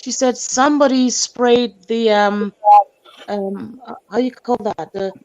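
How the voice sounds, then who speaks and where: A woman on a stream telling a story from her day with animated delivery, acting out her own shouts and sometimes hunting for words. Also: a little high, a little slow. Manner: hunts for words, fills with "um". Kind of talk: casual storytelling. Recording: dull lo-fi stream audio.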